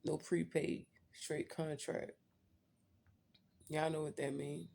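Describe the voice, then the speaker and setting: A woman's voice: deep voice, little pitch movement, slow pace, vocal fry, pauses often, a little mellow. A woman vlogger telling a personal story in a blunt, profane, candid way, talking straight to her viewers.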